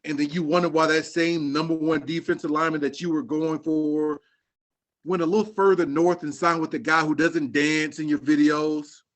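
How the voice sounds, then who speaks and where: A man's voice: a little high, little pitch movement, normal speed. A man co-hosting a podcast, giving a slangy, joking sports rant in casual chat. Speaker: podcast co-host.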